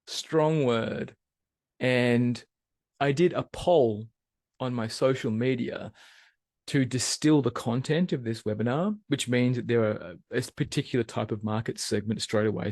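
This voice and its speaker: A man's voice: mid-range voice, dry recording, studio quality. A man giving a live webinar talk, asking the audience questions and posing them as he goes. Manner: animated, asks the audience questions. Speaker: webinar presenter.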